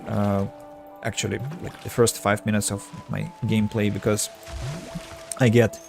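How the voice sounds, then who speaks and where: A man streaming a game, thinking aloud in halting casual commentary, his voice tired and fading. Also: lowish voice, flat delivery, gravelly, over music. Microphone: earbuds.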